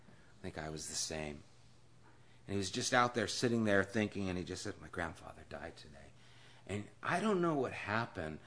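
A man teaching a Bible study as a pastor in a conversational sermon, telling stories and shifting from hushed and low to loud and emphatic.

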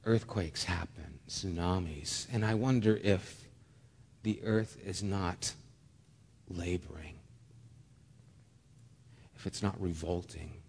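A man preaching a sermon, telling a lively personal story with humor, then dropping soft and low for solemn points. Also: husky, big-room sound. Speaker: pastor.

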